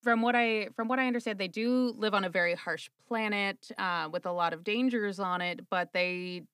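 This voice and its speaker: A woman with a Minnesotan accent chats casually as a podcast co-host, her voice bright and lively and recorded dry and close. She wanders through thoughts with plenty of "like" and "um" and restarts mid-sentence. Her delivery is loose and conversational. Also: medium pitch, moderate pace, clear, resonant tone, dry recording. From Midwest US. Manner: chatty, many fillers and restarts. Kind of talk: casual chat.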